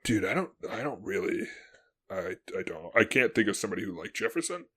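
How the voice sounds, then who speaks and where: A male podcast co-host in casual history chat, animated, acting out historical figures in quick asides and laughing often. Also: fairly low pitch, breathy edge.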